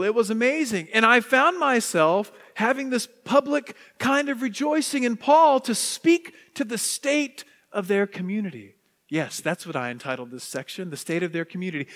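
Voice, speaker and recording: A man, a priest, preaching a sermon with animated swings from hushed to exuberant. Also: sits high. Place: church sanctuary. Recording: long church reverb.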